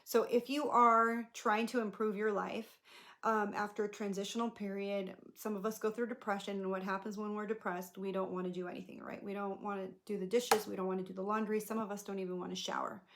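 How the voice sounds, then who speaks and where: A woman coaching her audience in a relaxed, chatty way, circling back on her thoughts with plenty of fillers. She speaks at a middle pitch, and her tone softens into something gentle when she offers comfort. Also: brisk. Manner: conversational and rambling, with many fillers and restarts. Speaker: life coach and podcast host. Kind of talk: casual motivational talk to camera.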